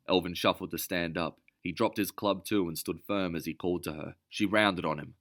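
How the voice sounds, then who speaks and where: A man narrating an adventure story in a steady, measured scripted style. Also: low voice.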